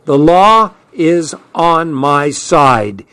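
A man's voice: on the high side, animated, extremely slow, smooth, no room sound. A man voicing an arrogant, furious male debt collector who hollers and screeches, in an audiobook story.

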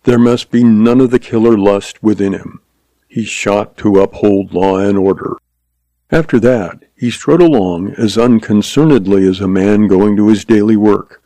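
A man narrating a western story in a measured, dramatic reading. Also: on the low side, mellow, no echo, rough recording.

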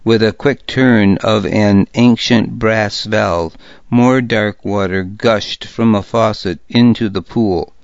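A man narrating a first-person story in a measured, even storytelling delivery. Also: fairly low pitch, gravelly, no echo. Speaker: audiobook narrator. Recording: dull, slightly lo-fi dry recording.

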